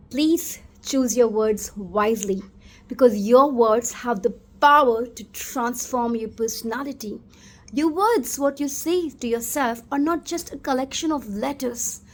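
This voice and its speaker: A woman giving an earnest, emphatic motivational talk about self-talk. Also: high-pitched. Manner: earnest, emphatic, slow and deliberate. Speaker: self-help speaker.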